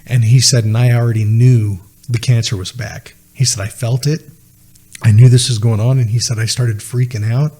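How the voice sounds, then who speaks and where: A man's voice: medium pitch, fairly even intonation, moderate pace, warm tone. A man, telling a personal story as a podcast guest, earnestly retelling conversations. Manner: earnest, retells dialogue with many "he said" asides.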